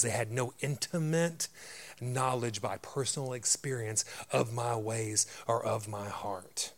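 Loud, grumbly man preaching a sermon. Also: medium pitch, a little slow. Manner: direct, emphatic preaching with rhetorical questions. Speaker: pastor.

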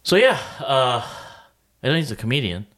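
A man chatting casually and joking, often laughing and mimicking relatives, with a lively, animated delivery. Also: medium pitch, moderate pace. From Filipino family. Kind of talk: casual chat.

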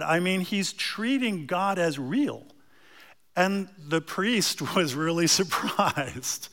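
A man preaching a sermon, telling a story with animated emphasis and asides to the congregation. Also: fairly high pitch.

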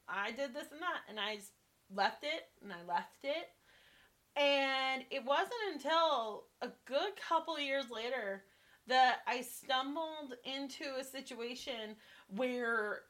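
A woman's voice: on the high side, a bit bright. A woman co-hosting a podcast, telling a personal story in a candid, reflective way. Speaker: podcast co-host. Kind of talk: casual chat.

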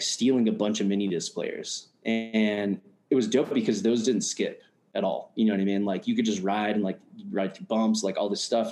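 A man's voice: fairly low pitch, a little mellow. A man from the United States telling a story in a casual, slangy, profane way, full of fillers like "you know what I mean.". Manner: slangy, profane, laid-back. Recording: roomy echo.

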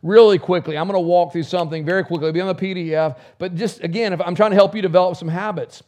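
Fervent preacher man, soft to loud. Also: steady tone, quick pace. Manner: fervent preacher, swings between loud bursts and soft low prayer. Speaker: pastor. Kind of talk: sermon.

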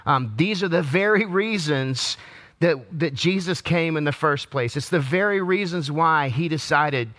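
A man's voice: fairly high pitch, unhurried, a bit bright. A male pastor giving an online Palm Sunday sermon in a conversational, joking way with frequent restarts. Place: empty church or studio.

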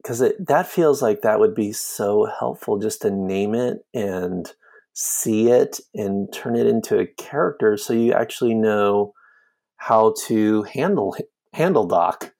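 A woman's voice: a bass voice, animated, unhurried, vocal fry, dark tone. A woman hosting a podcast, responding with enthusiasm and reading a promotion for her own product. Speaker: podcast host. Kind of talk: conversational interviewing and ad read.

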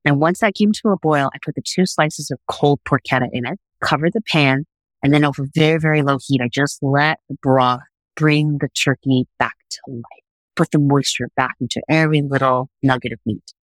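Animated middle-aged woman telling a story. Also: rumbling low, moderate pace, dry recording, low-quality recording. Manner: lively, vivid storytelling. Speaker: guest, food TV producer. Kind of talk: casual podcast interview. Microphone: remote call.

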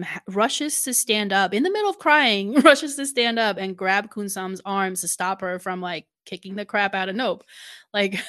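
A woman with a voice of middle pitch talks through a TV series in relaxed podcast chat. She speaks thoughtfully and uses many filler words as she goes. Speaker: podcast co-host. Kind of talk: casual chat recapping a TV series.

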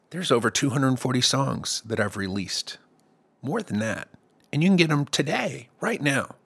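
On his music podcast, a middle-aged songwriter and host delivers a loose, funny, rambling monologue peppered with playful put-on voices. His voice is mid-range and slightly bright.

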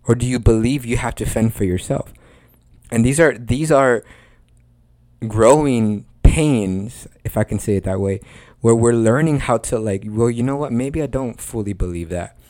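A man's voice: medium pitch, normal speed, darkish tone, no room sound. A man hosting a Christian podcast, preaching in a conversational way with earnest emphasis and repeated phrases.

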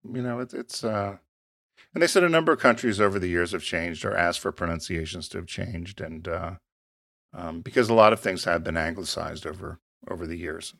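A man's voice: sits low, brisk, vocal fry, no echo, clean studio sound. A man co-hosting a podcast, chatty and rambling in casual conversation. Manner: chatty, animated, rambling with restarts. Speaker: podcast co-host. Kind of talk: casual chat.

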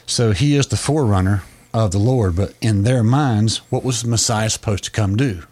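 Male podcast co-host, low voice, a casual storytelling explainer who often restarts his sentences. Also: moderate pace, few pauses, a little mellow, husky.

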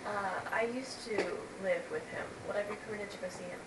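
A woman's voice: mid-range voice, steady tone, brisk, a loud crowd. A woman playing a tabletop game, asking questions in character, recorded at a distance. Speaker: player. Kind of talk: casual tabletop play. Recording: distant, roomy and noisy.

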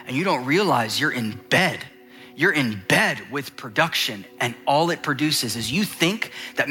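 A male pastor preaching a sermon with passion, dropping to hushed low lines and rising to urgent high ones. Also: animated, normal speed, faint music behind.

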